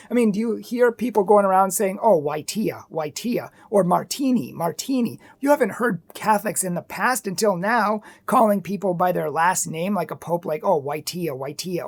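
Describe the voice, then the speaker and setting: A woman's voice: mid-range voice, vocal fry, a little mellow. A woman giving earnest, emphatic opinion commentary, full of rhetorical questions.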